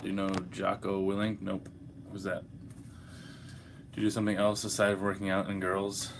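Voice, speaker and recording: A man's voice: sits low, completely flat delivery, normal speed, slight background noise. A young man hosting a casual livestream, hungover, reading chat questions aloud and answering in a laid-back, profane way.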